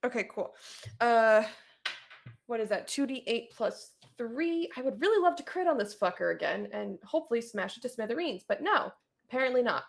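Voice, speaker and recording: A woman playing a tabletop role-playing game, talking in a halting way full of fillers and swearing. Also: on the high side, lively intonation, creaky, slight background noise. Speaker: player.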